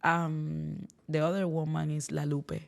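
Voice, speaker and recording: Slow, gravelly Cuban woman. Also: low-pitched, little pitch movement. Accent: Cuban Spanish. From Cuba. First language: Spanish. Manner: thoughtful, searching for words. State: sleepy voice. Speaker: guest singer. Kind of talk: casual interview chat.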